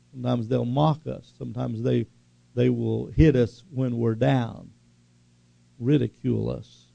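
A man's voice: mid-range voice, steady tone, unhurried, gravelly, warm tone, no echo. A man preaching a sermon, emphatic and repetitive, often putting questions to the congregation. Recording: dull lo-fi recording.

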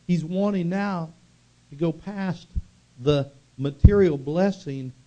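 Emphatic preacher man, mellow voice. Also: a little high, muffled recording. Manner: emphatic, stretches key words slowly for weight. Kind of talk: sermon.

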